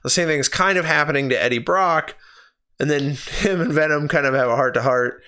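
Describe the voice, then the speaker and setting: A man's voice: a little high, brisk, pushed and bright. A man giving a casual spoken film review on his stream into his own microphone, ranting in exasperation and swearing freely. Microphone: personal streaming microphone.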